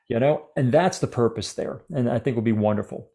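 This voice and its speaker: A man, organizer of a speakers' training program, talking eagerly in a relaxed chat and often restarting his sentences. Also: medium pitch, brisk, vocal fry. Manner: eager, many restarts and fillers. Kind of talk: casual video-call chat.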